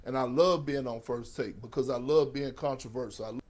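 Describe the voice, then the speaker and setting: A man's voice: medium pitch, brisk, a little mellow. A man giving heated, blunt sports commentary as a guest analyst, punching his points hard.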